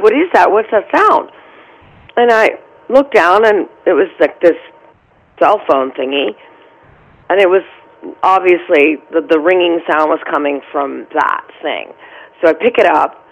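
This is an animated middle-aged actress telling stories in an interview. Her voice has a gravelly, fry-laced edge. She is expressive and relives every moment as she talks. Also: low-pitched, dull audio. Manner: animated, vivid storyteller. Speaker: actress guest. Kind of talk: storytelling interview answer.

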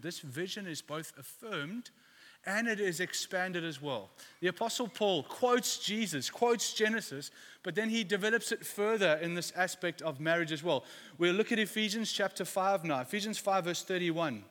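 A man's voice: high voice, pushed and bright. A middle-aged man preaching a sermon as a pastor, speaking candidly and confessionally, often restarting his sentences and asking his listeners rhetorical questions. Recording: long hall reverb.

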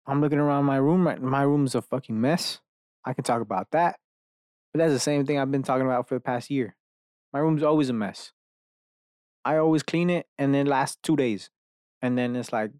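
A man's voice: mid-range voice, normal speed, darkish tone, clean tone, no echo, clean studio sound. A man hosting a podcast alone in his bedroom, rambling from one idea to the next with lots of profanity and self-mocking asides. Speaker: podcast host. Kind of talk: rambling solo rant.

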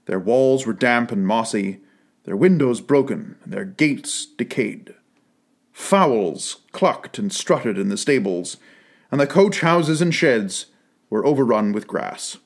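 A man reading a classic story aloud, with an expressive, unhurried delivery. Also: medium pitch. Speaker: narrator.

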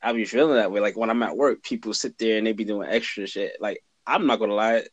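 A man's voice: lowish voice, quick pace, breathy edge, no room sound. A young man in casual chat on a podcast, talking bluntly and laid-back, swearing freely. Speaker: podcast co-host, cousin.

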